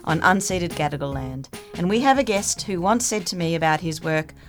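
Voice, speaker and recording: A lower-voiced woman introducing a guest on her podcast with playful asides. Faint music sits behind her. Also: expressive, fairly quick. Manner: playful, teasing. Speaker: podcast host. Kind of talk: scripted introduction, then casual chat.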